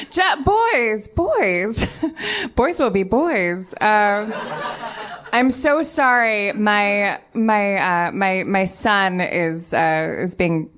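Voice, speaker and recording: A woman's voice: mid-range voice, expressive, extremely slow, fairly bright tone. A woman voicing a flirty woman who poses as a lost mother, talking in a giggly, flustered way.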